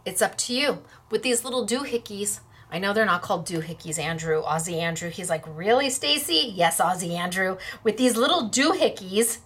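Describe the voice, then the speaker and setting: A woman's voice: mid-range voice, expressive, fairly quick, few pauses, a bit bright, slightly rough. A woman hosting a crafting class, talking in a chatty, playful way while she demonstrates.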